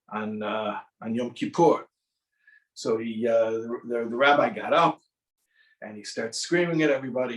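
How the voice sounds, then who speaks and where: A male rabbi gives an animated sermon-style lecture in a fairly high voice, often repeating words and restarting his sentences. His voice sounds roomy and comes from some distance from the mic. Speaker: rabbi and teacher.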